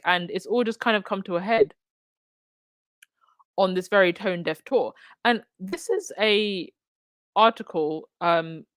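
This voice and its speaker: A woman's voice: medium pitch, fairly bright tone, no echo. Woman, Essex accent, livestream host, chatty, stop-start delivery, dry room. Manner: chatty, reading out comments and articles; frequent restarts and fillers. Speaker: commentary channel host. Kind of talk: casual livestream commentary.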